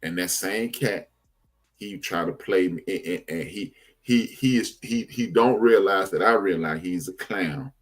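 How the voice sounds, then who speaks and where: Husky laid-back man telling stories. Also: deep voice, measured pace. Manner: laid-back storytelling with slang, animated when making a point. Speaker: podcast co-host. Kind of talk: casual chat.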